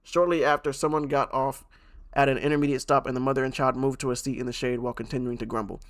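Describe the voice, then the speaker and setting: A man's voice: medium pitch, fairly even intonation, fast talker. A male streamer who reads posts aloud on a live stream and reacts bluntly, swearing freely and repeating himself for effect.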